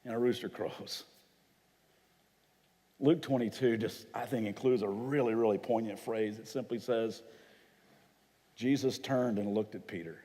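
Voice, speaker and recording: A pastor preaching a sermon, telling stories vividly and acting out the voices of people in them. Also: male voice, on the low side, measured pace, pauses often, mellow, in a large hall. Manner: dramatic storytelling, acts out quoted voices. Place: church hall.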